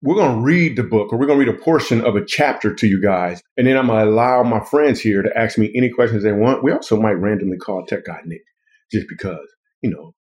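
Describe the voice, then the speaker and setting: A man hosting a loose comedic chat, joking and drifting from one bit to the next. He talks fast in a somewhat low voice. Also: a little mellow. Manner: joking, playful, rambling. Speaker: podcast host and author.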